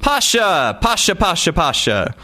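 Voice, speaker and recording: A man's voice: on the high side, very animated, slow, pushed and bright, pitched above the performer's own voice, exaggerated voice. A man voicing a feverish, melodramatic young man who bellows his lines. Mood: shouting.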